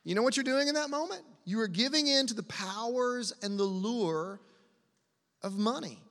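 A man preaches to a congregation in an easy, conversational way, pressing his points and asking the room to answer back. His voice sits high and sounds bright and forceful. A long hall reverb trails behind him. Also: expressive, normal speed. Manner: asks the congregation to respond, conversational and emphatic. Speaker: pastor. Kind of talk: sermon.

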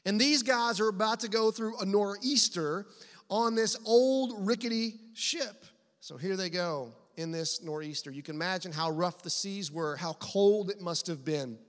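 High-voiced pastor in an echoing hall. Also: male voice. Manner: animated, conversational storytelling. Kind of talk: sermon with personal stories. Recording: long reverb of a large hall.

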